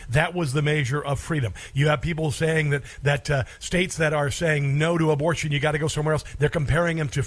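A man hosting a political talk show, speaking in a sarcastic, scornful way and cutting in on played clips. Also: fairly high pitch. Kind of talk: combative commentary over clips.

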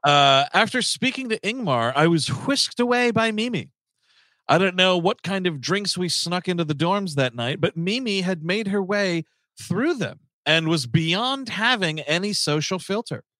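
A man in a casual comedy podcast reads a listener's story aloud, stumbling through fillers. His voice sits a little high, with a bright edge and a lot of swing in pitch. The sound is dry and close. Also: expressive, measured pace, no room sound.

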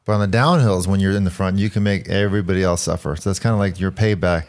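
A man co-hosting a cycling podcast, a former pro racer who tells stories quickly with an easy laugh. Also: deep voice. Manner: quick, laughing, animated storyteller. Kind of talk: casual chat.

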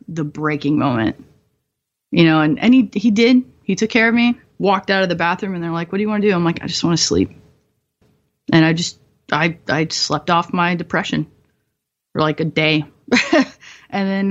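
A young woman guest in her twenties, telling dark stories bluntly and profanely, often laughing, in a slightly muffled recording. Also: fairly low pitch. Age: 20s. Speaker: guest, former bomb disposal technician. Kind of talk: candid storytelling interview.

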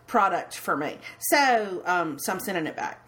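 A woman's voice: lowish voice, animated, normal speed, a bit bright. A woman, co-hosting a casual podcast chat, talking freely and often restarting and repeating her words. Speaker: podcast co-host.

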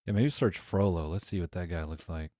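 A young man co-hosting a podcast in casual chat, laid-back and low-key with some profanity. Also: fairly quick, dark tone, dry recording, clean studio sound. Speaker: podcast co-host.

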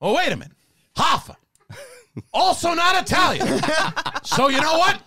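Loud, bright, shouty old film star on a rant, put on by a man. Comedy impression. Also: very high-pitched, big pitch swings, measured pace, pitched above the performer's own voice, heavily acted. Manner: shouting, ranting, sudden bursts. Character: loud exasperated older male movie star.

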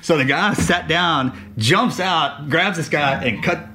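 A man co-hosting a podcast, telling animated war stories with frequent laughs and acted-out quotes. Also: on the high side, slow. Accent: Texan. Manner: animated storyteller, laughs often, acts out quotes. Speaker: podcast co-host. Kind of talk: casual storytelling chat.

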